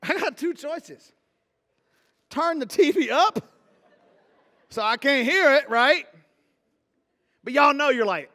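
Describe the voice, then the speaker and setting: A man's voice: extremely high pitch, animated, slow pace, long pauses, pushed and bright, big-room sound. A man preaching a sermon as pastor, talking casually and joking with the congregation. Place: church hall.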